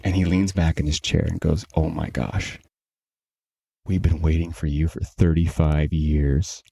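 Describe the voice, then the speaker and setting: A man with a low, warm voice tells a story on a casual podcast. He talks in an easy, conversational way. He slips into the voices of the people he quotes as he goes. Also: level tone, measured pace, vocal fry, husky. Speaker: podcast co-host, company CEO.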